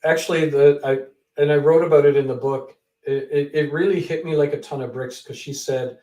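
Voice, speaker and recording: A man with a slightly high yet mellow voice tells an animated story in an interview, jumping into the voices of the people he met. He sits some way from the mic, and the room echoes around him. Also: normal speed, far from the mic. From Canada. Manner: animated storyteller who acts out quoted people. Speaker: author and guest.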